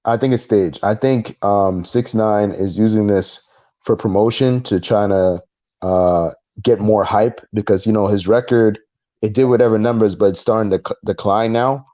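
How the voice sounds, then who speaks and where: A male podcast co-host recounts a story with energy during a casual chat, acting out the voices of the people involved. His voice is fairly low and his pace normal. The recording has no echo but the highs are cut off.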